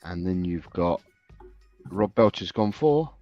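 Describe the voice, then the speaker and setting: A man co-hosting a casual live-stream podcast, briskly reading out viewer predictions. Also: low voice, animated, darkish tone, dry recording, soft background music. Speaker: podcast co-host. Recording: dull, dry lo-fi sound.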